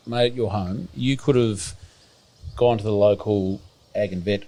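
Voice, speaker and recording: A man's voice: fairly low pitch, measured pace, mellow. An Australian man hosting a podcast interview, chatty and joking with his guest. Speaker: podcast host. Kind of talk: casual interview.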